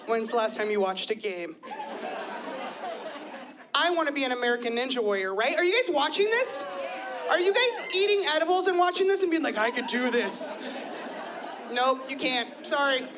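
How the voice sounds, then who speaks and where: Woman, 30s, stand-up comic, light higher voice, chatty self-deprecating delivery, recorded live before a laughing crowd. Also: lively intonation, fairly quick, noisy background. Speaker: stand-up comedian. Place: comedy club stage with audience.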